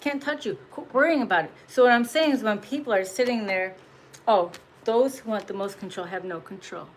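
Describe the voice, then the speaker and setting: A woman's voice: mid-range voice, fairly quick, slight background noise, rough recording. A woman giving a casual spiritual message as a tarot reader, blunt and profane, laughing often and pressing her points with emphasis.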